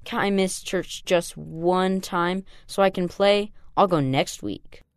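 A man's voice: sits high, slow, clean tone, no echo, studio quality, pitched above the performer's own voice. A man voicing a reluctant young boy who pleads and sulks, in a storybook reading. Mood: pleading. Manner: pleading, sulky.

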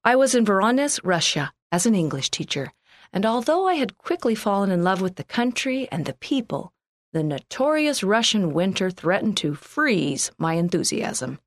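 A woman reading a first-person church magazine article aloud in a measured, earnest way. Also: mid-range voice, very animated, dry recording, clean studio sound. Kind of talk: scripted first-person narration.

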